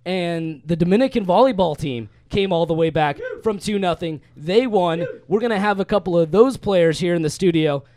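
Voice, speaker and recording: A young male sports radio host talking live from a dry studio. His voice sits a bit high, and he recaps the game briskly, full of scores and stats. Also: a little mellow, no echo. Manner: brisk, stat-heavy play-by-play recap.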